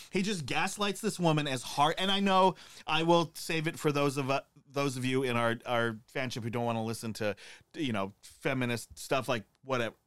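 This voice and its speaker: A man's voice: on the high side, fairly bright tone. A man co-hosting a true-crime podcast, chatting casually and ranting in a profane, opinionated way. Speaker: podcast co-host.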